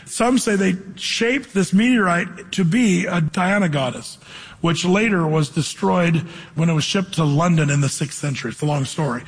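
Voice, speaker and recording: A man preaching a sermon, reading scripture slowly and then explaining it in casual, slangy talk. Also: high voice, slightly rough. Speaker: pastor. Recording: long hall reverb.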